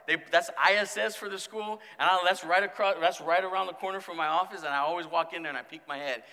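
A man who is a student pastor, preaching a sermon and acting out stories, swinging from mumbled quotes to loud exclamations. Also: high voice, steady tone, fast. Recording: long hall reverb.

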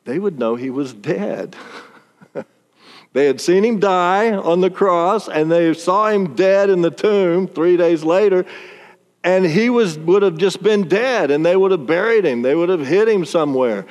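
A man preaching a sermon, telling the story in an animated way and chuckling often. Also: sits high, a little slow, lo-fi sound. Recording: long reverb in a large hall.

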